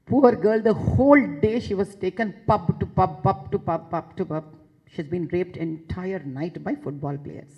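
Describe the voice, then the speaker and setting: A woman's voice: on the low side, measured pace, slightly rough, lo-fi sound. A woman with an Indian English accent giving an impassioned public talk, emphatic and repeating phrases for force. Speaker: public speaker addressing a session.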